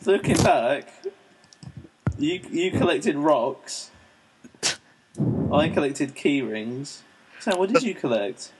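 A man's voice: a little high, expressive, slow, long pauses, noisy background. A young man chatting casually with friends as host, teasing and acting out remembered conversations. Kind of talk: casual chat among friends.

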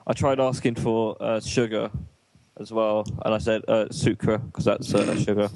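A man's voice: lowish voice, level tone, measured pace, darkish tone, no room sound. A man co-hosting a casual chat, swearing freely and telling rambling anecdotes with laughs.

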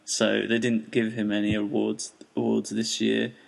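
A man co-hosts a loose comedy chat, teasing the others and laughing often. His voice sits at an ordinary middle pitch. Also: monotone, moderate pace, creaky. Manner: playful, teasing, laughs a lot. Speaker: podcast co-host.

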